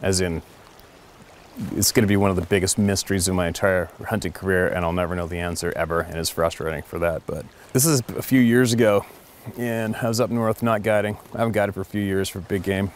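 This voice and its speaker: A man's voice: sits low, a little fast, a little hiss or hum. Rambling middle-aged man telling a story. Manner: rambling and animated, repeats words as he goes. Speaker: hunting guide. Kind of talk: casual storytelling.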